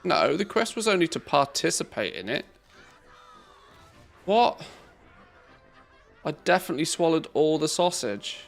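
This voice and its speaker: A man's voice: on the high side, very animated, brisk, creaky, hardly any pauses, faint music behind. Joking man streaming a game. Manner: joking, swearing, loose chatter while playing. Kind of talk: casual live-stream commentary.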